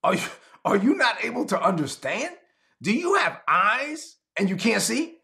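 A man doing an exasperated, high-voiced Jesus. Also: sing-song, normal speed, gravelly, sharp tone, full character voice. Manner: pleading rhetorical questions, high strained voice. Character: exasperated Jesus scolding his disciples.

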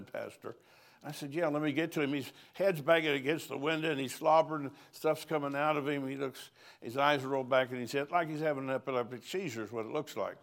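A man's voice: medium pitch, a bit bright. An older man, a pastor, preaching at a conference in a folksy, storytelling way, chuckling between lines.

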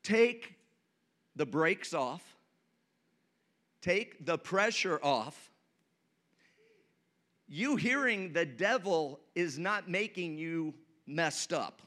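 A man's voice: on the high side, expressive, very slow, pauses often, sharp tone. A man preaching a sermon as pastor, leading the congregation in call-and-response and telling light stories.

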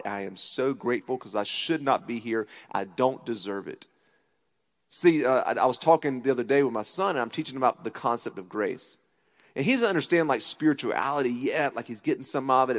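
A man in his thirties preaching a sermon from a church stage, emphatic, repeating his key points and checking in with the crowd. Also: mid-range voice. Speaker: pastor. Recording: long hall reverb.

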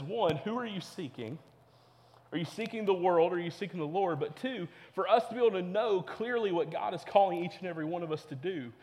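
A man's voice: high voice, a little mellow, in a large hall. A young man preaching a sermon to teenagers as a youth pastor, earnest and repetitive. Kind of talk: sermon to teens.

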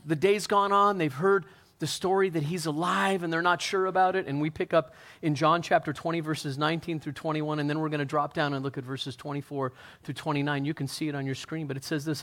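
A man preaching a sermon as pastor, telling the story in an animated, conversational way and acting out the scenes. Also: a little high, brisk.

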